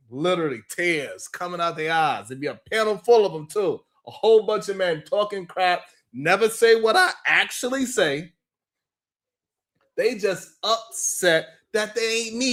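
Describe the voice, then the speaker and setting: A man with a high voice hosts a live stream, talking in an unhurried, drawn-out way. He keeps it animated and laughs a lot, breaking off to greet people in the chat by name. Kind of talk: casual live stream commentary.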